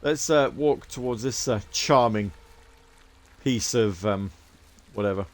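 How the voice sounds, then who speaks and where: A man's voice: fairly low pitch, unhurried. A man giving chatty, wry commentary while playing a video game and thinking aloud. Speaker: gaming video creator. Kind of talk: let's play commentary.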